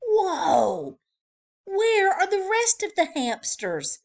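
A woman's voice: high voice, big pitch swings, slow, voice pushed up, exaggerated voice. Mister Snore, a woman doing a grumpy fussy guest. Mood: indignant. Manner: indignant, loud demands.

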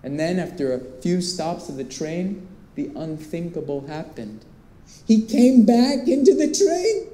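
A man performing a spoken monologue before live visitors, pitch leaping between hushed asides and excited bursts. His voice is very dark and mellow, and the room adds a clear echo. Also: a little slow. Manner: animated, with big swings between hushed and excited. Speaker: performance artist. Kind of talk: theatrical storytelling monologue. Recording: roomy echo.

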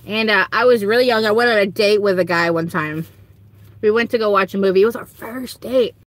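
This livestream host, a young woman with a Southern accent, speaks briskly to her viewers from home, giggling and breaking into squeaky quoted lines. There's no echo on the sound.

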